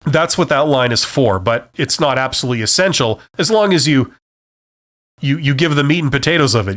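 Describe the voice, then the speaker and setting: A man's voice: a little high, a bit bright. A middle-aged man giving frank career advice on a casual live stream, ranting a little and checking in with "okay?" and "right?".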